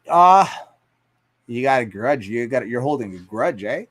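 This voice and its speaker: A man's voice: mid-range voice, animated, unhurried. Profane rambling man on a livestream. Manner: profane, rambling storytelling with frequent fillers and laughs. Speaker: livestream host. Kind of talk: casual livestream chat, reading viewer comments.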